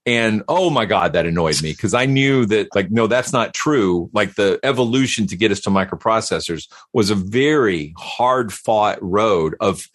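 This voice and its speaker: A man talking casually as a podcast guest, animated and given to repeating words as he starts a thought. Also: lowish voice, moderate pace, hardly any pauses, dry recording, studio quality. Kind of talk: casual conversation.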